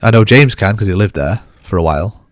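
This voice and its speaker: Man, podcast co-host, lowish voice, dry close mic, joking banter. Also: animated, dry recording. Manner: bantering, self-deprecating, quick laughs. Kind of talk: casual podcast chat.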